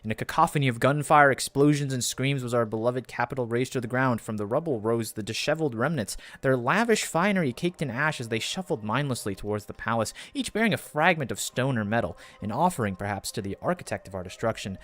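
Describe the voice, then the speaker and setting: A man's voice: medium pitch, animated, fast, few pauses, a bit bright, lightly acted. A man reading game dialogue aloud, voicing a weary male imperial refugee who talks like a melancholy poet in archaic phrasing. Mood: grim.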